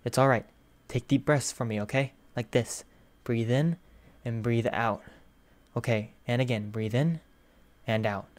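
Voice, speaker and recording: Brief: a man playing a cheerful, booming male hero teacher, kind and eager, for a fan fiction audiobook. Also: unhurried, no room sound, close to an everyday voice. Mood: gentle. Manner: eager, reassuring, bursts of loud excitement. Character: upbeat loud male teacher hero, gentle and encouraging.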